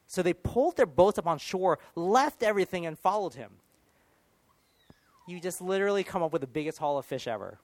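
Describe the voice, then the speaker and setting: A man preaching a sermon in an earnest, animated way, sometimes dropping to a hushed near-whisper. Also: sits high, brisk, no echo.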